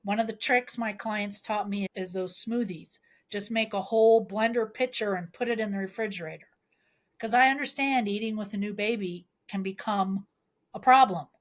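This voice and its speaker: Woman, midwife guest on a podcast; earnest, emphatic explainer with mid-range pitch. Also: moderate pace. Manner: earnest, explains with homely analogies; pleading, emphatic advice.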